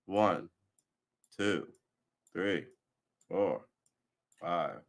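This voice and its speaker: Reading news articles on his livestream, a male host trips over the wording and tosses in sarcastic remarks. He speaks slowly in a low, fairly bright voice, with long pauses.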